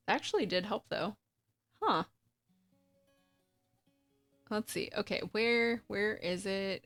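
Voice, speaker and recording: A chatty woman with a raspy, husky voice, streaming a game, talking through it casually and reading the on-screen text aloud. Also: medium pitch, takes it slowly, pauses often, soft background music. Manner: chatty, talkative.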